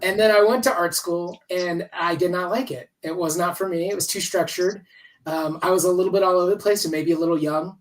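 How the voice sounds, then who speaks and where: A man's voice: high voice, steady tone, brisk, far from the mic, poor audio. A man in his fifties, a comics writer chatting as an interview guest over a video call, talking in a rambling, candid way and swearing freely. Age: 50s. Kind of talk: casual interview chat.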